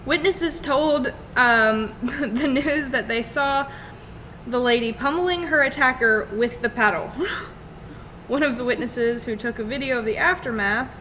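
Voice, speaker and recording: A woman's voice: sits high, a little slow, pushed and bright, a little hiss or hum. A woman co-hosting a podcast, reading a news story in a light, amused way. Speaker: podcast co-host.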